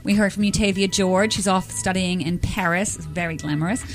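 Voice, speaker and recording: A woman's voice: lowish voice, a little fast, music in the background. Chatty woman radio host. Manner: chatty, jokey, with fillers and laughs. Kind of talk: casual studio interview. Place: radio studio.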